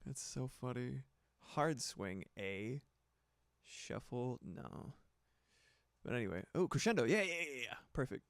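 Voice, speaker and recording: A man's voice: mid-range voice, animated, a little slow, creaky, dry recording, clean studio sound. A man chatting casually on a livestream while he builds sounds, rambling, laughing often and swearing. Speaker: streamer and music producer.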